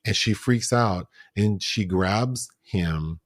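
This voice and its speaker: A man co-hosting a film review podcast in casual chat, animated and acting out lines from the movie. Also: lowish voice, takes it slowly, no echo, studio quality. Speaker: podcast co-host.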